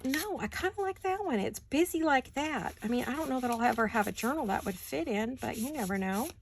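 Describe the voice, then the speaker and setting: A woman hosting a casual craft-along, thinking aloud as she works at her desk and often dropping into soft, muttered asides. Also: high-pitched, lively intonation, brisk, slight background noise. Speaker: crafting channel host.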